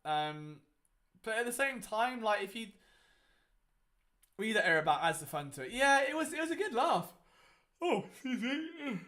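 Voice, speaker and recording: A young man hosts a casual game watchalong live, his high, sharp voice very animated at a moderate pace broken by long pauses. The talk is chatty and rambling, heavy on fillers.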